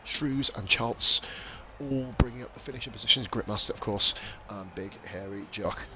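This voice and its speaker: A man's voice: fairly low pitch, normal speed. A man hosting a racing league live stream, swearing and joking through the results and interviews. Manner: sweary, jokey banter. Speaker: league host and race commentator. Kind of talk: casual post-race live stream.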